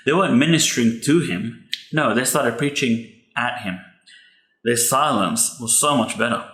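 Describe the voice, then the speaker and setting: A man's voice: mid-range voice, normal speed, a bit bright. A man, a pastor's son hosting a podcast, giving earnest, heartfelt advice about grief. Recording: echoey room.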